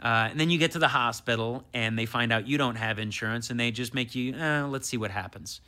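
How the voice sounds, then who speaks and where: A man in his thirties, a comedian guest, telling a story in casual chat, animated and swearing as he acts out what people said. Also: mid-range voice, fast.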